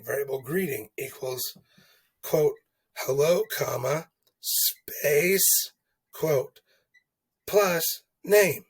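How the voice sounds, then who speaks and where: A man's voice: mid-range voice, slightly rough, rough recording. A man explaining coding exercises in a casual lesson, chatty and thinking aloud, often checking in with "okay?". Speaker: teacher walking through coding exercises. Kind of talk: casual screen-recorded lesson.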